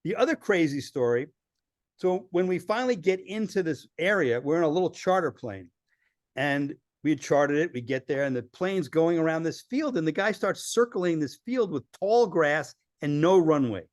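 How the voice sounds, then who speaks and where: A man telling lively travel stories as a podcast guest, acting out the people he quotes. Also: on the high side, normal speed, dry recording, studio quality. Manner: animated storyteller acting out quoted voices. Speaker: filmmaker guest. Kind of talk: storytelling in a podcast interview.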